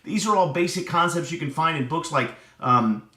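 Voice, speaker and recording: A man teaching a lesson on building rapport, animated, often checking with "right?". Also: on the high side, normal speed. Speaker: sales and relationship coach. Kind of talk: teaching talk to camera. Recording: echoey room.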